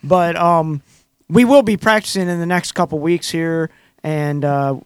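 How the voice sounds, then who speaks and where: Halting middle-aged man with fillers. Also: fairly high pitch, smooth, dry recording. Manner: halting, hesitant, filler-heavy. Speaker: show regular and amateur baseball player. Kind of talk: casual chat.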